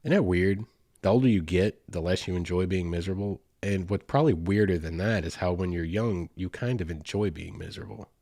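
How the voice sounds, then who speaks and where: Deep-voiced Southern man, chatty and rambling. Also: brisk, warm tone, no room sound, studio quality. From Southern United States. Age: 40s. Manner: chatty and rambling, with asides and fillers. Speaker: podcast host. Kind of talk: casual storytelling.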